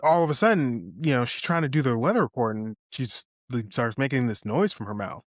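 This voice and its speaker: Animated man retelling movie scenes. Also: mid-range voice, a little fast, dry recording. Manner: animated retelling, acting out quoted lines; casual, swears freely. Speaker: podcast co-host. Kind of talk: casual film review chat.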